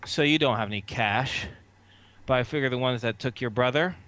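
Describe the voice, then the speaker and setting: A man's voice: mid-range voice, fairly quick, a bit bright, natural voice. A man playing a skeptical, smirking male adventurer in a tabletop game, speaking wryly. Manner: wry, dismissive.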